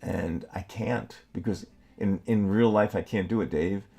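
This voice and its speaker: A man co-hosting a political talk show, speaking in a heated, halting way with many restarts and curses. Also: deep voice, vocal fry, warm tone, slightly rough. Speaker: podcast co-host.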